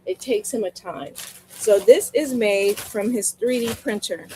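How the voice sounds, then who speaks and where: A woman's voice: medium pitch, lively intonation, measured pace, darkish tone, slight background noise, low-quality recording. A woman chatting casually on her live sales stream, telling stories to her viewers and repeating lines for emphasis. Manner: talks straight to viewers. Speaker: livestream seller. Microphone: streaming mic.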